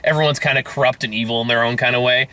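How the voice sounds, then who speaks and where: A man in a casual movie review chat with a bright, clear voice. He rambles through his thoughts with many restarts and casual swearing, laughing easily along the way. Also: mid-range voice, fairly even intonation, very fast.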